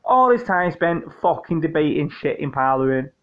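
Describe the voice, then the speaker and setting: A British man talks off the cuff to his listeners in a fairly high voice, swearing often and wandering from point to point. He jokes and restarts his sentences as he goes. The recording sounds muffled and lo-fi. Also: expressive, moderate pace. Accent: British English. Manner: profane, joking, meandering, with frequent restarts. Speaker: podcast host answering listener questions. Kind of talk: casual rambling monologue.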